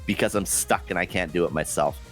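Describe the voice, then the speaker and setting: Man co-host, low voice, rambling easygoing chat, faint music behind. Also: fairly quick. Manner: laid-back, rambling, laughs often. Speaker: streamer co-host. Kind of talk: casual chat.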